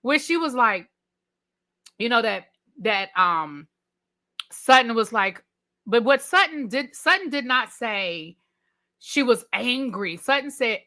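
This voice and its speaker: A woman's voice: fairly high pitch, expressive, slow, long pauses, pushed and bright. A woman hosting a live review stream, chatting with viewers in a casual, emphatic way with lots of slang. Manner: chatty, emphatic, Southern-tinged slang ("child", "ain't", "honey").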